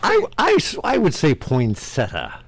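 A man co-hosting a casual radio chat, easygoing and reflective, with a soft chuckle. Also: on the high side, huge pitch swings, a little slow, vocal fry, no echo, rough recording. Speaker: radio co-host.

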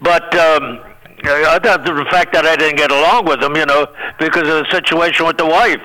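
An older man, a veteran comedian, telling show business stories in a lively, laughing way. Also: a little high, fairly quick, poor audio. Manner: animated storyteller, laughs often, acts out quotes. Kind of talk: casual anecdote chat.

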